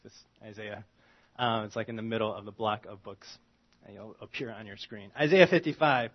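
A man preaching a sermon in a conversational, animated way, swinging from loud emphasis to quiet asides. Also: on the low side, moderate pace, muffled recording. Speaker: pastor.

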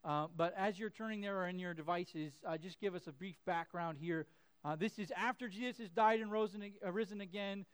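A man's voice: high voice, brisk, smooth. A man in his thirties preaching a sermon as a pastor, chatty with many fillers and restarts, acting out the voices in his stories. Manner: acts out his kids' and his own voices in quotes.

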